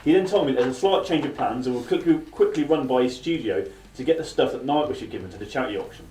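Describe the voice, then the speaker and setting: Fast-talking man, roomy distant sound. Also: medium pitch, expressive, dark tone, a little hiss or hum. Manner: fast, chatty, self-mocking anecdotes. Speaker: podcast host. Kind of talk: casual storytelling chat.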